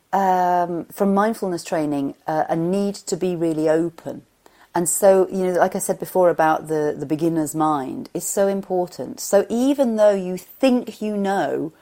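A woman, a mindfulness teacher, answering interview questions in a chatty, expressive way and telling anecdotes. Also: deep voice.

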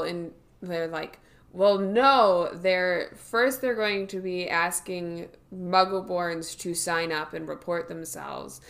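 A woman's voice: lowish voice, slow, creaky, a bit bright. A woman co-hosting a podcast in casual discussion, agreeable and thinking aloud as she talks. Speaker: podcast co-host.

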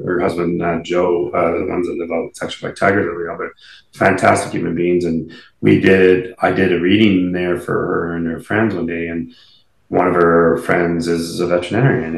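A man's voice: sits low, gravelly, a bit bright, reverberant, rough recording. A man, a medium and interview guest, telling stories casually in a rambling way with many fillers and restarts. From Canada. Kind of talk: casual storytelling.

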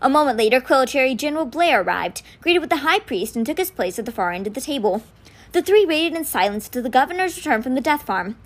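A woman's voice: high-pitched, quick pace. A woman reading a novel aloud for a podcast, telling the story expressively. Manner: expressive storytelling with quoted lines read in. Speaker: podcast book reader.

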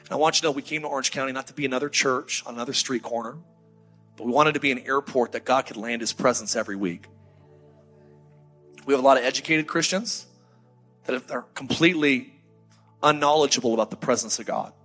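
A man preaching a sermon to his congregation as pastor, swinging from fiery calls to soft, intimate appeals. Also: medium pitch, fast talker, pauses often, faint music behind. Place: church hall before a congregation.

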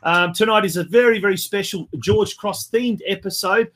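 A man's voice: high voice, fairly even intonation, moderate pace, a bit bright. A man hosting a football show in a chatty manner, full of fillers and restarts. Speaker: host.

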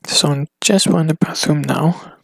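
A man talking alone on his podcast in a rambling, casual way, halting often and restarting his sentences. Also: fairly high pitch, creaky, husky, dry recording. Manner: hesitant, halting, full of restarts and fillers. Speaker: solo podcaster. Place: at home.

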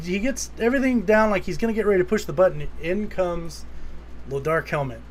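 Male co-host, higher register, lively casual recapper who acts out quotes. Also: fairly quick, a little hiss or hum. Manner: animated retelling, quotes lines in put-on voices. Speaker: podcast co-host. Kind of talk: casual movie recap chat.

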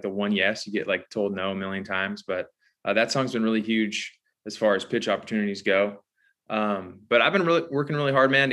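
Laid-back lower-voiced songwriter man. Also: fairly bright tone. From Southern California. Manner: easygoing, many fillers like um and man. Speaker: songwriter guest. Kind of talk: casual interview chat.

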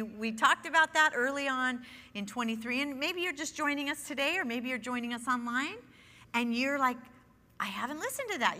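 An earnest middle-aged woman teaching a Bible study, her bright, fairly high voice carrying with a long reverb through a large hall. She talks conversationally and repeats words as she works through her points. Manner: earnest, conversational, with nervous laughs.

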